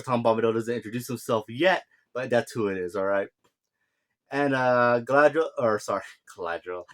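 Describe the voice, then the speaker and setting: A man talking through a show episode in a loose, rambling way, stopping often to correct himself and filling gaps with ums and uhs. He drops into quick bits of the characters' lines as he goes. His voice sits at an ordinary middle pitch for a man. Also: a bit bright. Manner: rambling, full of fillers and self-corrections, acts out lines in quick asides. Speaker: show reviewer. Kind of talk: casual spoken recap and review.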